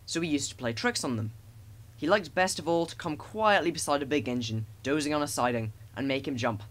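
A man narrating a children's storybook with expressive, animated storytelling. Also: fairly high pitch, fairly quick. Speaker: audiobook narrator.

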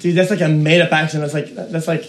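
A man from Canada, a streamer, chatting casually while gaming, excitable and swearing with shouty outbursts. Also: fairly high pitch, quick pace, noisy background. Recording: roomy echo.

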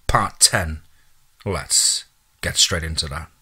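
Husky man narrating a horror tale. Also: extremely low pitch, takes it slowly, bright, forceful tone. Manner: casual, profane. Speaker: storyteller. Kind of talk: first-person horror story narration.

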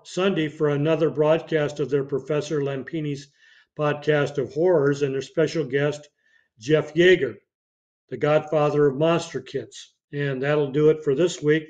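A man with a slightly high voice hosts a podcast and reads through obituaries and film credits at a steady pace. He sometimes stumbles and restarts a phrase. The audio sounds dull and lo-fi. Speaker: podcast host.

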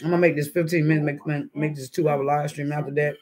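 A man's voice: on the high side, flat delivery, fast, crowd noise. A man hosting a casual live stream, chatting and reading the chat aloud as he eats breakfast, laughing often. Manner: laughs often, with sudden loud outbursts.

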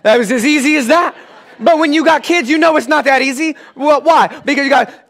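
Man, pastor, church sermon, lively and joking, high voice. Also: a little fast. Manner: animated and comic, acting out scenes with his kids.

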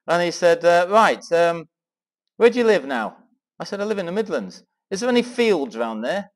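A middle-aged man from England tells a personal story to a gathering of Christian men. His pitch swings up and down as he acts out both sides of old conversations. He speaks casually, with plenty of asides. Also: normal speed. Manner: animated anecdotal storytelling with voiced dialogue. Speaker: speaker at a men's Christian weekend. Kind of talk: storytelling talk to a live audience.

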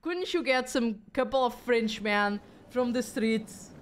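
A woman live-streaming a horror game, with excitable, jokey commentary and plenty of swearing. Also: fairly high pitch, unhurried, a little hiss or hum.

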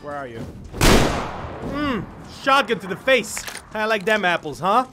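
A man streaming a video game, giving excitable live commentary that swings between mumbling asides and shouts at the screen. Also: high voice, unhurried, background noise. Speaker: gaming streamer. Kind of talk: live let's-play commentary. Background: game music.

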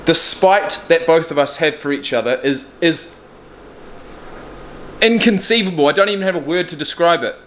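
A man's voice: a little high, normal speed, fairly bright tone, a little hiss or hum. Blunt, swearing man in his thirties. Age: 30s. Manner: blunt, candid, swears freely. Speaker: vlogger. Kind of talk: casual video diary. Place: indoors in a furnished flat.

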